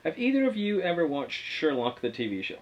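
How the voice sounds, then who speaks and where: A man's voice: a little high, wildly swooping pitch, a little fast, dull audio. A young man from England hosting a casual gaming chat, explaining at length with many fillers. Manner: rambling, filler-heavy explaining. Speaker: gaming channel host.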